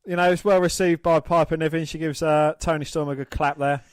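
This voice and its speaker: A man's voice: fairly high pitch, fairly even intonation, a little fast, smooth, no room sound. A man co-hosting a podcast, commenting on wrestling in a crude, joking way and swearing freely. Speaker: podcast co-host. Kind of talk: casual wrestling watch-along commentary.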